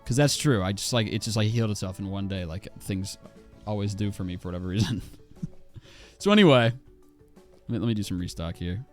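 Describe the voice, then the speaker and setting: A man's voice: fairly low pitch, brisk, pauses often, faint music behind. A man in his twenties ranting casually on a livestream while he plays a game, swearing a lot and full of fillers and restarts. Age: 20s.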